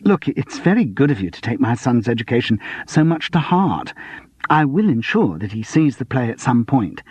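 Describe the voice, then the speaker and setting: A man's voice: medium pitch, expressive, moderate pace, darkish tone, slightly rough, no echo, voice pushed up. A man voicing a flustered, defensive middle-aged woman who runs a theatre box office, in a storybook reading. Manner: anxious, defensive, sarcastic. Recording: dull lo-fi dry audiobook recording.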